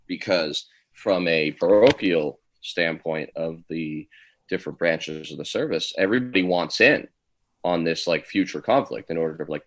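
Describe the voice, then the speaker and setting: A man in his forties, a podcast co-host and Army veteran, talking things through in a casual discussion, with lots of "like" and "um". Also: a bass voice. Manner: thoughtful, many fillers like "like" and "um".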